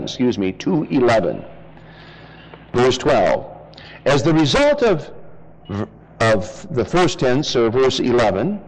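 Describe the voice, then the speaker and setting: A man's voice: on the high side, big-room sound, rough recording. A man preaching a verse-by-verse Bible sermon, reading scripture aloud and explaining it to his congregation.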